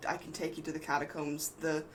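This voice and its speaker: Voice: mid-range voice, monotone, a little fast, fairly bright tone, slight background noise, natural voice. A game master voicing a nervous young man who stammers and hurries his words during a tabletop game. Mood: urgent. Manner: stammering, anxious.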